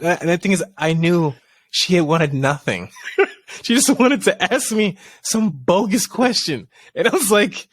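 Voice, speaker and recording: A man's voice: a little high, expressive, brisk, a bit bright, no echo, clean studio sound. A man in his thirties, a podcast co-host telling a long story in a loose, rambling way full of fillers and restarts. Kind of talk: casual chat.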